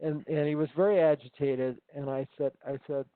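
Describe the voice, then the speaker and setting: A man's voice: on the high side, steady tone, fairly quick, hardly any pauses, no echo. A man, an instructor, telling stories in a casual conversation, rambling with many ums and restarts. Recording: tinny phone-like line.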